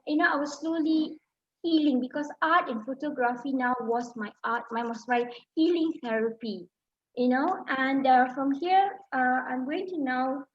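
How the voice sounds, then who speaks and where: A middle-aged woman from Malaysia telling a personal story in a talk, emotional and full of fillers and restarts. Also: high voice. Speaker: speaker. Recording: dull lo-fi sound.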